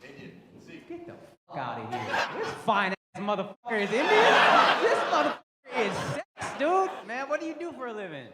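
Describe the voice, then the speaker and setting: A stand-up comedian does brash, profane crowd work from a club stage, teasing audience members in an extremely high voice with huge pitch swings at a fairly quick pace. The roomy club recording is heavy with noise and loud audience laughter.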